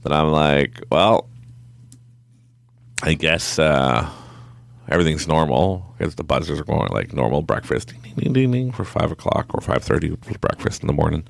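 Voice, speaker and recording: A man telling a story in a casual, animated way, laughing often and acting out his own thoughts in different voices. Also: very deep voice, fairly quick, gravelly, no room sound. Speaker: podcast guest.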